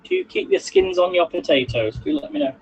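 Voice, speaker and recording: A man's voice: sits high, wildly swooping pitch, brisk, breathy edge, lo-fi sound. A man hosting a casual live cooking stream from his home kitchen, chatting and rambling to viewers while he cooks. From England. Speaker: livestream cooking host. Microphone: phone on a selfie stick.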